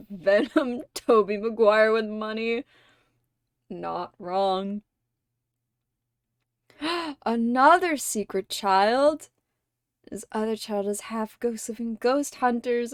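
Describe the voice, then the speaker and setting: Brief: woman streamer, a touch high-pitched, chatting with chat, laughing and swearing, dry close mic. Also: slow pace, long pauses, no echo. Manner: giggly, swears freely, excitable fan gushing. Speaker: streamer host. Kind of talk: casual livestream chat with viewers.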